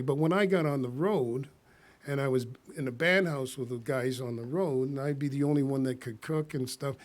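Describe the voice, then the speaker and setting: A man telling a rambling personal story to a live audience, laughing often and acting out the quotes. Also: on the high side.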